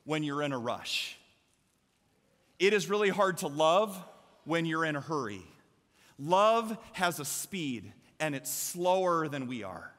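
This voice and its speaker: A man with an American Midwestern accent preaching a lively sermon as a pastor, with emphatic bursts and shouts. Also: a little high. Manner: energetic, emphatic preaching with sudden loud shouts. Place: large church sanctuary. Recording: long hall reverb from a church.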